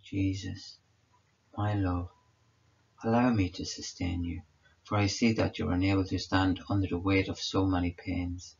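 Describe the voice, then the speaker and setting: A man's voice: sits low, level tone, moderate pace, creaky, darkish tone, slightly rough. A man giving a solemn, prayerful devotional meditation reading. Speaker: devotional reader. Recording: dull lo-fi recording.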